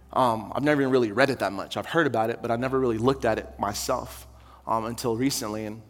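A young adult man, a pastor, preaching in a church in a conversational, joking way that rises to shouted intensity. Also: mid-range voice, long reverb tail. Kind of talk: sermon. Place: church sanctuary.

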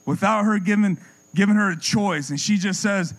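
A man preaching a sermon with passion, repeating words as he builds a point and dropping his voice low and soft for effect. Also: lively intonation, normal speed, low-quality recording.

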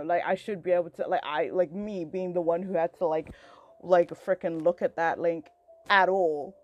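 A woman's voice: fairly low pitch, fairly even intonation, moderate pace, darkish tone, lo-fi sound. A young woman ranting to a friend, heated and profane, rambling with constant filler words, her voice rising as she gets worked up. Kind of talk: angry personal rant to a friend.

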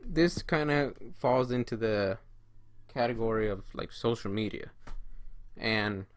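A man's voice: lowish voice, slow pace, no echo. Casual man coaching on trading. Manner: conversational, acts out inner voices and quoted friends. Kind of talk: casual solo talk to camera.

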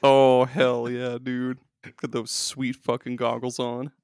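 Male podcast panelist, jokey and profane, mid pitch, dry mic. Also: completely flat delivery, takes it slowly, a little mellow, clean tone, no echo. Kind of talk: casual chat.

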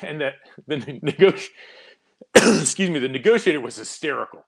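A man's voice: fairly high pitch, animated, a little fast, gravelly, husky. A man on a panel, telling a story with amusement, stumbling over his words. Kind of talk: casual panel chat.

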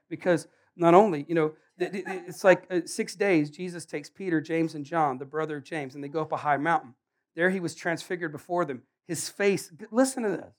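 A man preaching a sermon in a casual, animated way, joking and acting out Bible characters. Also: on the high side.

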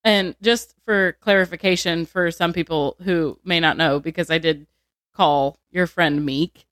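A woman's voice: lowish voice, steady tone, unhurried, fairly bright tone, no echo. Woman co-host, dry close sound. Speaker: podcast co-host. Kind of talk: casual chat.

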